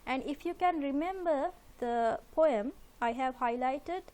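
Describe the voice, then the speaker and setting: A woman with a fairly high voice teaching a literature lesson over slides. She explains step by step, patiently and methodically, circling back to repeat her points with plenty of "uh" fillers. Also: unhurried, dark tone.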